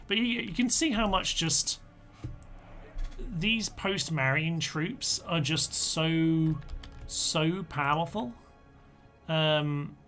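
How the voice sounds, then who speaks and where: A man's voice: fairly high pitch, fairly bright tone. A man, chatting casually as he streams a strategy game and mutters orders to his units. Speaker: gaming streamer. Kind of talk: live strategy game commentary.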